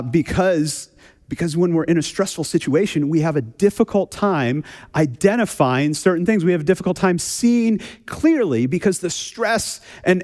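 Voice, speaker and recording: A man preaching a conversational sermon, telling a funny personal story in a relaxed, chatty way and often repeating words as he restarts. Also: sits high. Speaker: pastor. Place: church sanctuary. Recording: long hall reverb.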